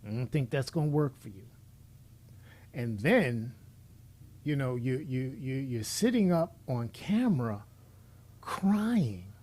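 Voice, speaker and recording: Slow and animated, with frequent pauses, a middle-aged commentator speaks in a darkish mid-range voice. He preaches bluntly in an opinion monologue, talking straight to the person he's criticizing.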